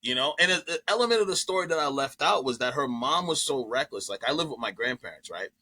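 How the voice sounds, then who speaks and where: A comedian guest telling a story in casual chat, profane and animated, jumping into other people's voices as he goes. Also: mid-range voice, quick pace, slightly rough.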